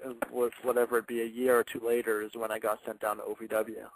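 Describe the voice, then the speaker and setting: A young man, a wrestler guest on a radio show, telling stories in a casual, animated way and laughing now and then. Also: mid-range voice, quick pace, low-quality recording. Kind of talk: casual radio interview storytelling.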